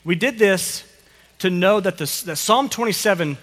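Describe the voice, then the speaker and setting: A man preaching with a bright, slightly high voice that swings widely in pitch. He coaches and encourages as he goes, repeating his phrases. His voice rings out in a church hall with a long reverb. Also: normal speed. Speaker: pastor. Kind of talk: sermon with children acting out a psalm.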